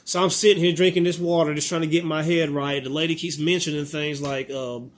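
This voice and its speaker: Animated man in his thirties, slightly high voice. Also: brisk. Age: 30s. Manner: animated, exasperated, acts out both sides of the conversation. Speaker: vlogger. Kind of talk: casual storytime monologue.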